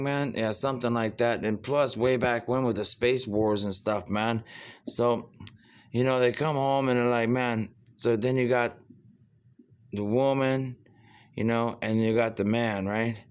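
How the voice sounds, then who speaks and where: A man rambles through a loose spoken monologue in a smooth, resonant voice. He keeps tacking "man" onto his phrases and lets out puffs of breath and sighs as he goes. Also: mid-range voice.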